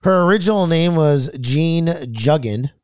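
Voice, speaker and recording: A man's voice: on the high side, animated, a little slow, crowd noise. Man reading saint stories on a podcast. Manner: reads aloud, stumbles on names, then adds loose comments. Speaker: podcast host.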